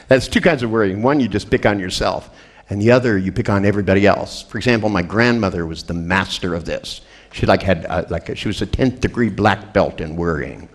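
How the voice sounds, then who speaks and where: A middle-aged man giving a humorous seminar talk to a group, telling jokey stories and acting out the voices of people in them. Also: deep voice. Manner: joking storyteller who acts out quoted voices. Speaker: seminar trainer.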